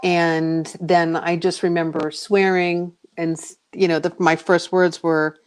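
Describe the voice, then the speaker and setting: Her voice smooth, lowish and a little slow, a middle-aged American psychic medium narrates a long story on a radio interview. She keeps it chatty and animated, with many fillers, re-enacting her own voice from those days.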